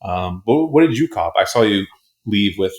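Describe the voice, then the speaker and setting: A man's voice: on the low side, animated, normal speed. A young man co-hosting a podcast, teasing his co-host and laughing often in casual chat.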